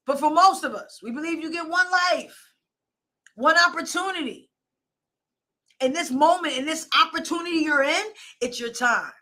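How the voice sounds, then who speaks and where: A woman's voice: high voice, sharp tone. A woman life coach and show host giving a blunt, emphatic motivational pep talk, repeating her points and demanding more of her listeners. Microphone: phone or camera, streaming live.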